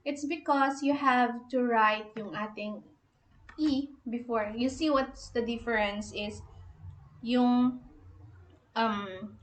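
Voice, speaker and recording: Slow-spoken Filipino woman teaching. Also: on the high side, steady tone, roomy sound, poor audio. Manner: explains slowly, spelling out letters and repeating words. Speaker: shorthand teacher. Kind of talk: online lesson.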